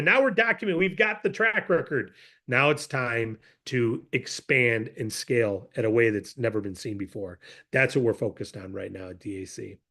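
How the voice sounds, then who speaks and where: Animated man giving a sales pep talk. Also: a little high. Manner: animated, acts out sales scenarios. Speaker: sales team trainer.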